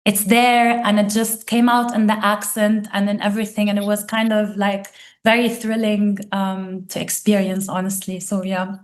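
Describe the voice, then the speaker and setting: A woman speaking as a panelist, heartfelt and trailing off softly at the ends of her thoughts. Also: mid-range voice, little pitch movement, normal speed. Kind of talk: panel discussion.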